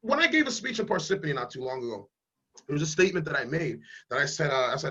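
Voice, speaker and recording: High, husky man talking fiery and blunt. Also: big pitch swings, quick pace, pushed and bright, highs cut off. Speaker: congressional candidate. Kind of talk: casual interview over video call. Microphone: video call.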